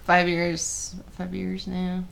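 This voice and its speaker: A woman's voice: on the low side, monotone, slow, gravelly, fairly bright tone. A woman stand-up comedian in casual podcast chat, laughing often and filling her talk with restarts.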